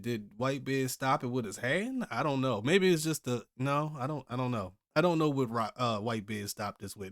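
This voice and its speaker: A man's voice: mid-range voice, a bit bright, dry recording, studio quality. A man hosting a comic reaction video, reading the chapter aloud and reacting casually, often thinking aloud with hesitant restarts. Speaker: host.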